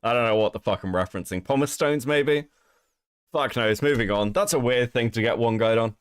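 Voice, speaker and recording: A man's voice: mid-range voice, a little fast. A British man hosting a live stream, chatting casually, laughing often and swearing through rambling asides. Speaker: stream host.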